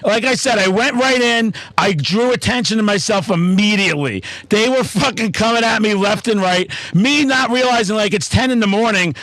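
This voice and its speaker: A man's voice: high voice, normal speed, few pauses, dry recording. A man telling stories in casual chat, swearing constantly and getting worked up. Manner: profane, excitable storytelling. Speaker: podcast host.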